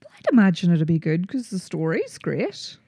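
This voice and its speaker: A young woman co-hosting a podcast in casual chat, upbeat and quick to react and agree. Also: lowish voice, big pitch swings, dark tone, no echo. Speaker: podcast co-host.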